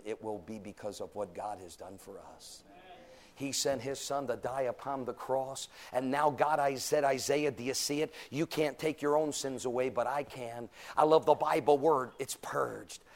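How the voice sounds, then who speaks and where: A man preaching a sermon, moving from low, quiet stretches up to loud, high, near-shouted climaxes. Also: fairly even intonation, normal speed.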